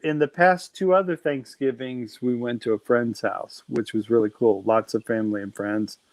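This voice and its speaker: A man's voice: mid-range voice, moderate pace, a little mellow, no echo, low-quality recording. A man, co-hosting a livestream in playful, folksy banter. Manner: playful teasing, folksy drawl. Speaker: livestream co-host. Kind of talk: casual livestream chat.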